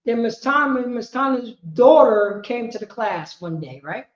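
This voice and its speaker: A woman teaching a history class, lecturing emphatically, repeating herself and rising to shouts. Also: a little high, animated, a little slow. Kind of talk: street-preaching lecture. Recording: roomy, dull lo-fi sound.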